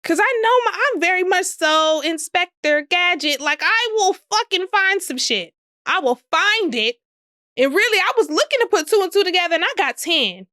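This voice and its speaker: Sassy high-voiced woman podcaster. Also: expressive, normal speed, sharp tone, no room sound, clean studio sound. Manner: sassy, profane, laughing often. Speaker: podcast host. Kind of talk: casual solo podcast monologue.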